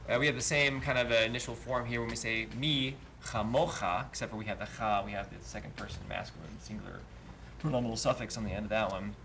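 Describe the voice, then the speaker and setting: A man's voice: lowish voice, fairly even intonation, fast talker, creaky, bright, forceful tone, slight background noise. A man teaching a live class, patient and explaining step by step with many fillers. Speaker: Hebrew teacher. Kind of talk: live Bible language class. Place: congregation classroom.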